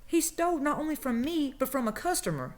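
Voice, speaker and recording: A woman's voice: sits high, very animated, a little fast. A woman, casually telling a story about her old job and acting out the people she quotes. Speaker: vlogger telling a work story.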